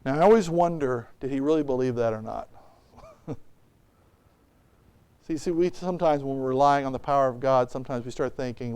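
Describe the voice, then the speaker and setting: A pastor preaching a sermon in church, retelling a story with lively acted-out quotes. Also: male voice, medium pitch, fairly quick, long pauses, clear, resonant tone. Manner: animated storytelling, acting out quotes.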